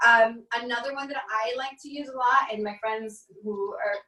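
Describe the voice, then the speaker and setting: A casual, chatty woman teaching an online class and laughing easily. Her voice sits a little high. She is heard from a distance in an echoey room over a video call. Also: steady tone, normal speed, bright, forceful tone.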